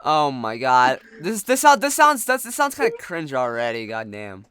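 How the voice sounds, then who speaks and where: A young man co-hosting a casual reaction chat, stammering and swearing as he gets excited. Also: medium pitch, moderate pace, smooth. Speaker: co-host.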